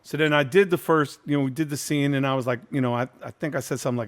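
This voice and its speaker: A man in his fifties hosts a casual reunion over a video call, telling a long behind-the-scenes story in a frank, profane way. He acts out other people's lines as he goes, and his voice sits at an ordinary middle pitch. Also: very fast, few pauses. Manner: candid, profane, animated storyteller acting out quotes. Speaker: host.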